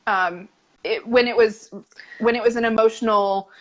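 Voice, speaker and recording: A woman's voice: on the high side, steady tone, normal speed, low-quality recording. Earnest woman hosting a podcast. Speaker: podcast host. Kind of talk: casual conversation.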